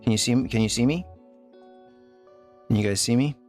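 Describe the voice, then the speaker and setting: A man streaming live, telling a story to his chat in a rambling, halting way, full of fillers and restarts. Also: medium pitch, darkish tone, faint music behind.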